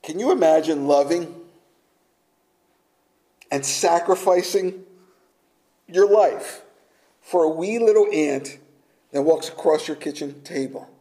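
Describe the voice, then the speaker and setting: A man preaching a sermon slowly and emphatically, sometimes dropping to a near-whisper for effect. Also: fairly high pitch, warm tone, poor audio.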